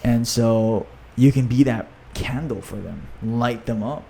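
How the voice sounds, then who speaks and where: A man's voice: mid-range voice, a little slow, gravelly, mellow, husky. Upbeat, chatty man on a podcast. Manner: enthusiastic, conversational, lots of "you know" and "right?". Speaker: podcast host and author. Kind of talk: casual podcast talk.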